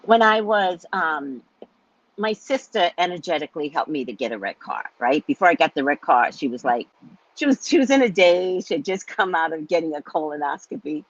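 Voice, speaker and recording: A woman's voice: deep voice, moderate pace, dry recording, dull audio. A middle-aged woman, a psychic host, telling a personal story in a chatty monologue and acting out the voices of the people in it. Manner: animated, acts out quoted voices, chatty asides like "right?".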